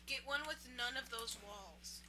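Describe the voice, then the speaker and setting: A young woman playing a co-op game as a guest, loud, cursing and panicky. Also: a little high, unhurried, noisy background. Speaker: co-op gaming guest. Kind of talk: casual let's-play chat.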